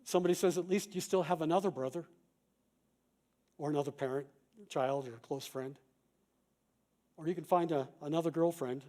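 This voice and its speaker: A middle-aged man, a pastor and chaplain, giving a calm, measured conference talk with quoted examples. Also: on the high side.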